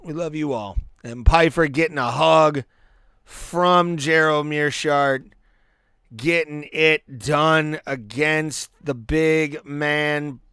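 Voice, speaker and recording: Dude doing chill fight play-by-play on a livestream, slow and smooth, kinda high voice, dry close mic. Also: male voice, no room sound. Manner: relaxed play-by-play with fillers and restarts. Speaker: podcast host. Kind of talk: live fight reaction commentary.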